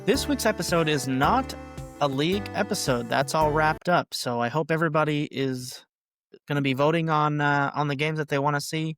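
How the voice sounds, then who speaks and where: A man's voice: a little high, moderate pace, a bit bright, no echo, soft background music. A man in his thirties hosting a gaming podcast, chatting casually and giving upbeat announcer-style intros. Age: 30s. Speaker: podcast host. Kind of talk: casual chat.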